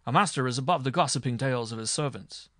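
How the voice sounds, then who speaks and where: A man's voice: mid-range voice, quick pace, fairly bright tone, dry recording, clean studio sound, natural voice. A man voicing an arrogant, hot-tempered noble marshal on trial, blustering and indignant. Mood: imperious.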